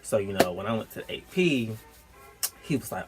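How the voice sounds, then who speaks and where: A young man casually telling a personal story, animated and slangy, breaking into high-pitched quoted outbursts. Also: moderate pace, over loud music. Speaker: storytime vlogger.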